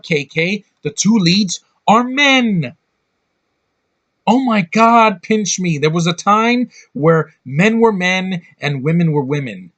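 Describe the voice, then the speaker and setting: Male vlogger reviewing a film off the cuff, mid-pitched, blunt and profane, talks in bursts with lots of restarts. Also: a bit bright. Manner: ranting, blunt, swears freely, frequent restarts. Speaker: movie reviewer. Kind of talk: casual movie review vlog.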